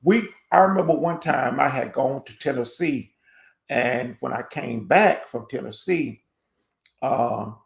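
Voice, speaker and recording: A man's voice: medium pitch, measured pace, vocal fry. A man on a live panel telling a personal story in a casual way. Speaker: panel guest. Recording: echoey room.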